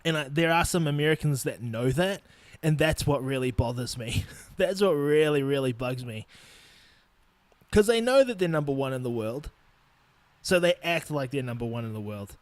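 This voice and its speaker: A man's voice: mid-range voice, animated, normal speed, no echo. A young man from New Zealand with a New Zealand accent, hosting a podcast in a blunt, profane, casual rant. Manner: blunt and profane, laughing between points. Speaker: podcast host.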